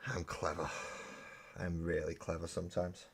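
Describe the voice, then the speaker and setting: Guy with a deep voice rambling on a hobby stream, self-deprecating and chatty. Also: monotone, moderate pace, husky. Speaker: live stream host. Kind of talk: casual chat while painting miniatures.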